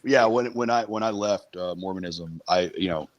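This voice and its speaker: A man's voice: sits low, moderate pace, muffled recording. A man as an interview guest, talking casually with a wry tone and frequent hesitations. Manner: hesitant, many uh fillers, wry.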